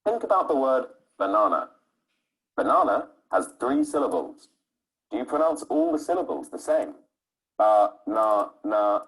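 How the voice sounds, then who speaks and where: A man's voice: medium pitch, sing-song, normal speed, a bit bright, low-quality recording. A man teaching English pronunciation, stretching out syllables to show the stress. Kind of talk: scripted lesson narration.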